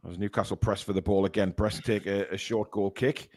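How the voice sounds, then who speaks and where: A man hosting live fan commentary of a football match, calling the play-by-play and bursting into shouts at big chances. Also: lowish voice, steady tone, fairly quick.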